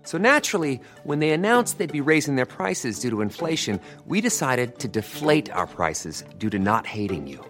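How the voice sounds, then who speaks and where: A man's voice: medium pitch, big pitch swings, normal speed, hardly any pauses, fairly bright tone, faint music behind. A man reading a jokey, upbeat scripted advertisement. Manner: upbeat, punchy, jokey delivery. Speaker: ad announcer. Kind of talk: scripted radio ad read.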